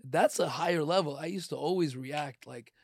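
Man, middle-aged, casual podcast chat, animated, slightly high pitch, dry close sound. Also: normal speed, breathy edge, no room sound. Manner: animated, acts out quoted voices.

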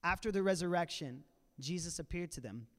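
Guy telling a bible story on a church panel, kinda high voice, big echo from the hall. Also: a little fast. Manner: animated storytelling, acts out quoted lines. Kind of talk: conversational preaching. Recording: live in a reverberant church hall.

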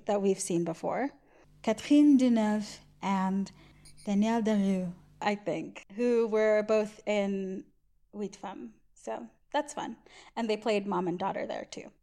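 A woman's voice: mid-range voice, darkish tone. A woman co-hosting a podcast, chatting casually and laughing at herself. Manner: chatty, self-deprecating, giggly. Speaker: podcast co-host. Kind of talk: casual chat.

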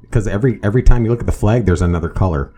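A man's voice: on the low side, racing, mellow, a little hiss or hum. A man co-hosting a casual political chat, talking in a sardonic, rambling way full of restarts.

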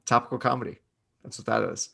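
A man with a gravelly, creaky voice co-hosts a casual podcast. He talks in a laid-back way, tossing in dry asides. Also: medium pitch, completely flat delivery, fast, pushed and bright. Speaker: podcast co-host.

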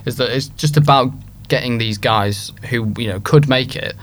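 A man co-hosting a podcast in casual chat, teasing and eager, talking in quick bursts. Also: mid-range voice, slight background noise. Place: podcast studio.

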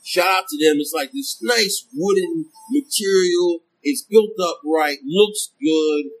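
A man's voice: high voice, slow, slightly rough. A man hosting a podcast from a brewery taproom. He chats casually and playfully and calls his guest "man" all the time. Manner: lively, playful, says "man" often. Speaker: podcast host. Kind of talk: casual interview chat.

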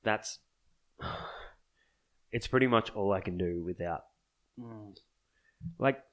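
A man's voice: on the low side, a little slow. A man on a profane solo podcast rant, exasperated and sarcastic, swearing constantly. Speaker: podcast host.

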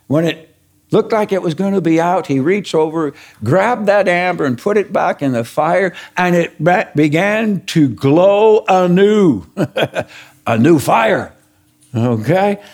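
A man's voice: a little high, darkish tone. An older man, a grandfather, preaching a sermon, telling stories and asking the congregation questions with frequent chuckles. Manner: storytelling, asks the congregation questions, chuckles often. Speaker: pastor.

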